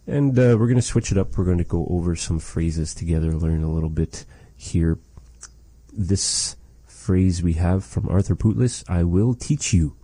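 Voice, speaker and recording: A man teaching a language lesson, saying phrases slowly and carefully and repeating them for learners. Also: low voice, mellow, breathy edge.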